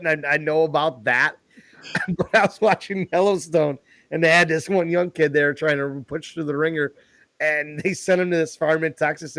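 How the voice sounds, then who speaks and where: A man's voice: on the high side, no echo. A man co-hosting a podcast in casual chat, laid-back and telling crude jokes and stories. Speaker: podcast co-host.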